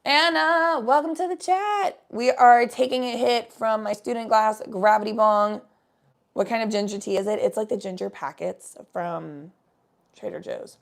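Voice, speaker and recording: Speaking at a moderate pace with fairly even intonation and some vocal fry, a young woman at medium pitch runs a livestream. She chats with her viewers in a casual, meandering way, swearing without restraint.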